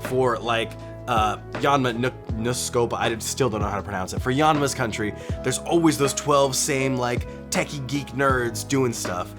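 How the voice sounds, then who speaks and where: A young man giving casual, excited reaction commentary on a show, swearing often and laughing as he watches. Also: mid-range voice, unhurried, few pauses, music in the background. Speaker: reaction video host.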